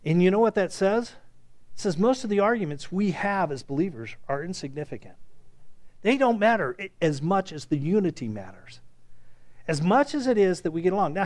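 A man's voice: sits high, fairly quick. A man preaching a sermon, retelling scripture with acted-out quotes and joking asides to his congregation. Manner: animated preaching, acts out quoted speech, jokes aside. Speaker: pastor.

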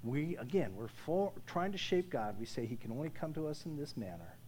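A man preaching a sermon, moving from hushed, slow passages to loud, emphatic declarations and asking his listeners questions. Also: a little high, expressive, slight background noise. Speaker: pastor.

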